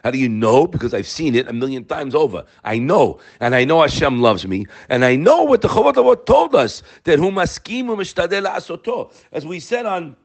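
A man teaching a daily Torah class, firing rhetorical questions and mixing Hebrew terms into his English. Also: fairly high pitch.

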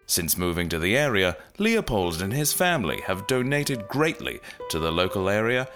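A man's voice: lowish voice, very animated, moderate pace, music in the background. A man giving earnest mock documentary narration.

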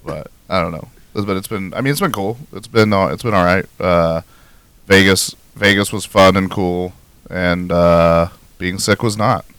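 A man's voice: low-pitched, unhurried, a bit bright, clean tone, dry recording. A man hosting a comedy podcast, talking in a casual, rambling, laid-back way. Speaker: podcast host.

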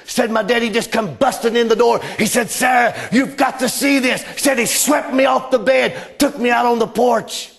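A man preaching a sermon, telling stories with passion and swinging between loud cries and hushed drops. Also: very high voice, moderate pace, creaky, hardly any pauses.

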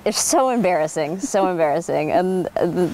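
Woman, 30s, from Oregon, interviewee, low voice, animated storyteller. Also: moderate pace, a little hiss or hum. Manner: animated, laughs often, many fillers. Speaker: interviewee, winemaker. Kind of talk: oral history interview, casual storytelling.

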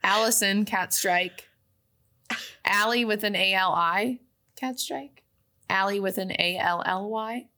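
A young woman co-hosting a casual chat show, reading out a list slowly and laughing often. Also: medium pitch, pushed and bright. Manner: giggly, reads a list slowly with frequent laughs. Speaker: podcast co-host. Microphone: webcam with whiteboard behind.

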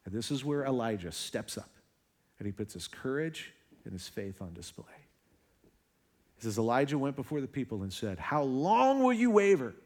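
A young man preaching a sermon, telling a story with lively sarcastic asides and dropping to hushed, intense moments. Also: lowish voice, normal speed, long pauses. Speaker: pastor.

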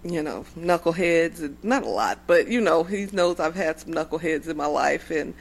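A woman's voice: low-pitched, expressive, moderate pace, gravelly, rough recording. A woman co-hosting a podcast, chatting casually and chiming in on her partner's story. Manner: chatty, interjects and laughs along. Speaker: podcast co-host. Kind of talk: casual chat.

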